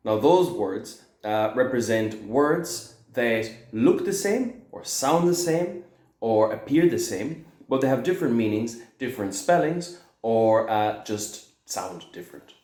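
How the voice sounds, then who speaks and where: A man's voice: medium pitch, a little mellow. Man teaching English in an echoey room. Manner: explains slowly, stressing words, checks with "okay?". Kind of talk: video lesson.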